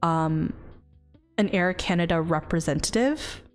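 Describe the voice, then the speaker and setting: A woman streamer casually telling a long story, rambling and lively, with many restarts and some swearing. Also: fairly low pitch, measured pace. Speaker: VTuber streamer. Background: faint background music.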